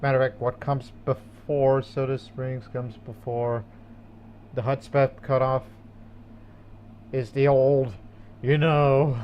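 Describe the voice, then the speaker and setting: A man's voice: medium pitch, little pitch movement, slow, long pauses, darkish tone, muffled recording, slight background noise. A man rambling through casual, jokey commentary while playing a video game. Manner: rambling and jokey, with many restarts. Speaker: gaming channel host. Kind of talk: casual let's-play commentary.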